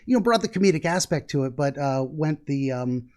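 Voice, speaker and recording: A man's voice: fairly high pitch, animated, a little fast, a little mellow. A middle-aged man hosting a podcast, rambling casually and laughing often. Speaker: podcast host. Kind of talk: casual conversation.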